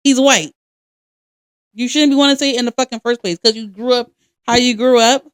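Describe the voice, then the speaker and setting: Animated young woman telling stories. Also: on the high side, a little fast, clean tone, dry recording, studio quality. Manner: animated, profane storytelling. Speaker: podcast co-host. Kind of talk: casual chat.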